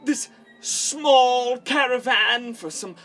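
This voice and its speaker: A man voicing a fussy, flustered male fair master who greets a crowd in a high, exaggerated tone. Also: slow, sharp tone, faint music behind, heavily acted. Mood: grandly welcoming.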